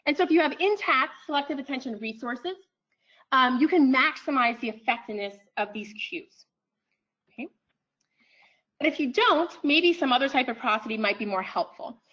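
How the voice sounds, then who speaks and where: A woman giving an academic lecture in a room, pausing often with ums and restarting her phrases. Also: high-pitched, lively intonation, pushed and bright, highs cut off. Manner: frequent ums, thoughtful restarts.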